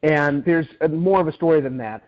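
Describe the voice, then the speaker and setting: A man's voice: on the high side, a little fast. A middle-aged man being interviewed as an author, telling stories animatedly with frequent restarts and repeated words. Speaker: guest author. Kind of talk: interview storytelling. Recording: dull lo-fi audio.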